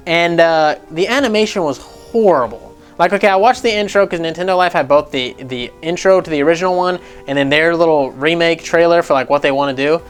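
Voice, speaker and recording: A man's voice: fairly high pitch, expressive, normal speed, clean tone, faint music behind. A man hosting casual gaming news commentary, rambling and sarcastic, swearing freely as he goes.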